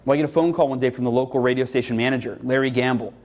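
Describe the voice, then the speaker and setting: A man from California giving a keynote talk to a live audience, telling stories in an animated way and acting out every voice. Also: medium pitch, racing. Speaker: motivational speaker.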